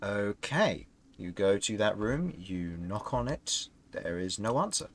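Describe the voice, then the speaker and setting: A man's voice: fairly low pitch, big pitch swings, unhurried, a little hiss or hum. A man narrating a tabletop game as game master, describing scenes and often laughing.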